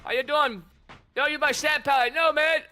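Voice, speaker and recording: Male streamer, very high and piercing voice, chatty and teasing in casual gameplay commentary. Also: fairly even intonation, normal speed, pushed and bright, faint music behind. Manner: chatty, teasing taunts at opponents. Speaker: gamer streamer.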